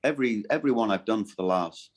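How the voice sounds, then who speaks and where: A middle-aged man with a gravelly, fairly low voice chats in a casual interview. He talks in halting bursts, stopping and restarting his sentences and filling gaps with ums. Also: lively intonation. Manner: halting, many restarts and fillers. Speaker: voice actor guest.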